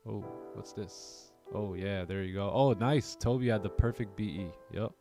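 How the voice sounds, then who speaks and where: A man's voice: fairly low pitch, moderate pace, dark tone. Guy running a trading livestream, jokey and laughing a lot, reads chat out, some music going faintly behind him. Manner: joking, laughs often, reads chat aloud. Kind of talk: casual live-stream chat.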